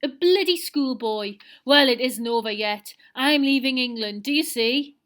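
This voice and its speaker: A woman reading aloud, voicing a desperate male villain who shouts threats. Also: fairly high pitch, normal speed, lightly acted. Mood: furious. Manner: howling, threatening.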